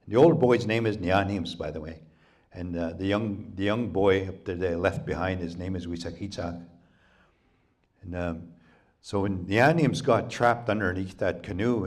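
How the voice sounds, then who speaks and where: A man from Canada telling a traditional folktale to a library audience, with a very deep and low voice. He speaks in an unhurried, halting way and fills his pauses with "you know" and "um". His telling feels plain and conversational rather than polished. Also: a little mellow. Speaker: storyteller. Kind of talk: oral folktale storytelling. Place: public library talk.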